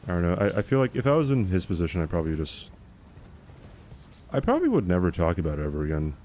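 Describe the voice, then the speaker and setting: A man with a lowish, mellow voice chats casually while streaming a game. He rambles through answers to chat questions, with a faint background hum. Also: huge pitch swings, fast talker.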